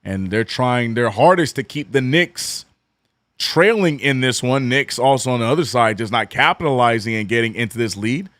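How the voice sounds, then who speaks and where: A man with a New Orleans accent and a cracking, hoarse voice, calling a game as a fan streamer and chatting with his viewers. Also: normal speed, dry recording, clean studio sound. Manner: swings from excited calls to low, mumbled chat with viewers. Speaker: streamer doing fan play-by-play. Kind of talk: watch-along play-by-play and chat.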